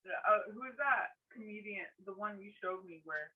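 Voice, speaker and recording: A woman's voice: mid-range voice, moderate pace, slightly rough. A woman co-hosting a podcast, chiming in with short, eager remarks. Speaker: podcast co-host. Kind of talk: casual chat. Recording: tinny phone-like sound.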